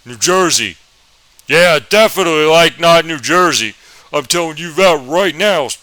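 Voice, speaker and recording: A man voicing a big, bloated male history teacher from the South, speaking in a slow, condescending drawl. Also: fairly high pitch, animated, bright, forceful tone, no echo, voice pushed up, low-quality recording.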